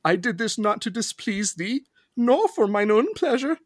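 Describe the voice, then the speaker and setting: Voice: medium pitch, sing-song, normal speed, no echo, clean studio sound, pitched above the performer's own voice. A podcaster voicing a male cannibal murderer who confesses in overwrought mock-archaic speech. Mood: confessing. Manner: overwrought mock-Shakespearean, breaking into laughs.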